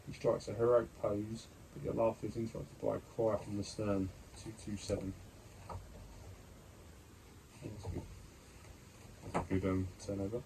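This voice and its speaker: A man's voice: fairly low pitch, little pitch movement, moderate pace, gravelly, long pauses, dark tone, slight background noise, rough recording. A man reading a gamebook aloud as he plays, reading the narration and stopping to comment on dice rolls and choices. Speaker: gamebook player and reader.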